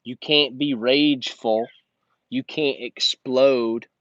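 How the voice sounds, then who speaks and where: A man's voice: mid-range voice, steady tone, slow, fairly bright tone, no echo. A man hosting a blunt, emphatic motivational monologue, talking straight at the listener like a coach. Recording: dull lo-fi recording.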